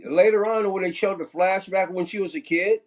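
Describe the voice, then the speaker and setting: A man's voice: sits high, moderate pace, slight background noise. A man joking and teasing his friends in a casual collectors' panel chat.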